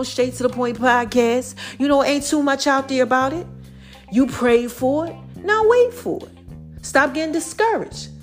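A woman hosting a podcast, giving playful, preachy encouragement in casual slang. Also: sits high. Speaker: podcast host. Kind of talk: casual motivational podcast talk.

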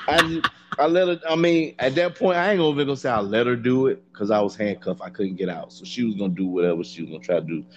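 A man's voice: mid-range voice, lo-fi sound, a little hiss or hum. A man in casual podcast chat, blunt and profane, telling his story dryly. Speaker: podcast co-host.

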